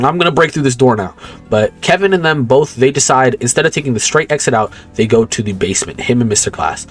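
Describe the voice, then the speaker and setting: A young man casually recapping a movie plot, rambling, slangy and profane, often stopping to correct himself. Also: mid-range voice. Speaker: movie commentator.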